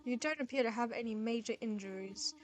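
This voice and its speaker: Toriel, a woman voicing a gentle goat mother. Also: on the high side, fairly quick, lightly acted. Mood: tender. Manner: soft, formal and caring. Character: gentle motherly goat-monster queen, kindly and fussing.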